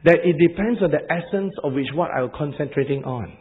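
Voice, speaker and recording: Brief: Asian-accented male preacher, fairly high voice, lively sermon, dull archival recording. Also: brisk, a little hiss or hum. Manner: animated, repeats words, laughs at own jokes.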